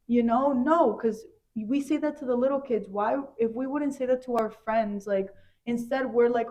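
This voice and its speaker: A woman's voice: a little high, moderate pace, warm tone. A young woman hosting a podcast, talking in an earnest, chatty way with lots of filler words. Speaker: podcast host. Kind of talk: casual chat.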